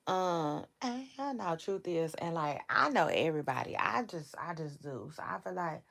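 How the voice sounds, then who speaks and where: On a celebrity gossip livestream, a woman with a low-pitched, expressive voice that is gravelly yet fairly bright talks casually to her viewers. She rambles, draws her words out, and laughs frequently, heard through a livestream setup.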